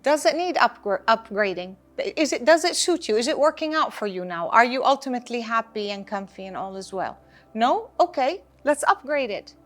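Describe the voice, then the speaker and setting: A woman parenting coach answering interview questions, talking in an animated, emphatic way and repeating phrases for effect. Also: fairly high pitch.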